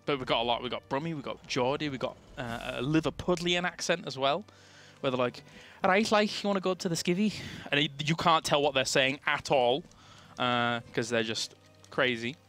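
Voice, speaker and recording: A man's voice: mid-range voice, sharp tone. A young man from England with a southern English accent, commentating a live esports match with chatty, joking banter. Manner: chatty, jokey, laughs often.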